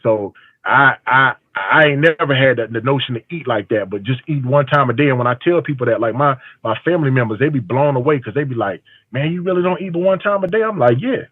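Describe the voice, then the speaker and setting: A man's voice: mid-range voice, lively intonation, fast, dry recording. A barber telling stories on a call, quoting his own conversations, with an emphatic delivery. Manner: storytelling with quoted dialogue, emphatic. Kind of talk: call-in testimony. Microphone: phone call. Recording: tinny phone line, dry.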